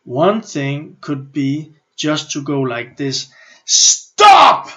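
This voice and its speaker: A middle-aged man with a Danish accent gives a motivational coaching lesson. He talks in an animated way, acts out inner thoughts and often restarts his sentences. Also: on the high side, slow. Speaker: business and personal development coach. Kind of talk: motivational teaching talk. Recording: slightly muffled lo-fi audio.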